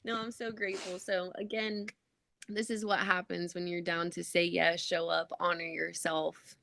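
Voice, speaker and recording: A woman's voice: on the low side, little pitch movement, normal speed, vocal fry, pushed and bright, dry recording. A woman co-hosting a podcast, talking earnestly and easygoing, with a lot of "like" and the odd swear. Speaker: podcast co-host. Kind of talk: casual podcast chat.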